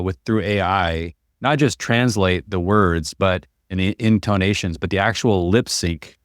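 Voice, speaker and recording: A man from Seattle with a very deep voice talks haltingly, restarting his phrases as he thinks aloud. The sound is close and dry. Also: smooth, dry recording. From Seattle, USA. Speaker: podcast host. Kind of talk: casual conversation.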